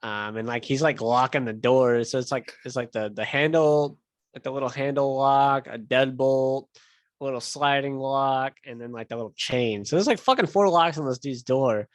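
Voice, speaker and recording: A man's voice: mid-range voice, normal speed, no room sound. A young man hosting a casual podcast, telling a long story in a rambling, profane way full of fillers. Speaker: podcast host. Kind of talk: casual chat.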